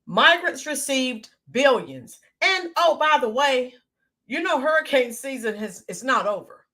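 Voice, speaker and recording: This is an American woman hosting a live stream, speaking in a slightly high voice. She chats casually and greets her viewers one by one with plenty of ums and uhs. Her voice is a little hoarse, worn from shouting the day before. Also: sing-song, unhurried. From United States. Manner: greets viewers by name, chatty with filler ums. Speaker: livestream host.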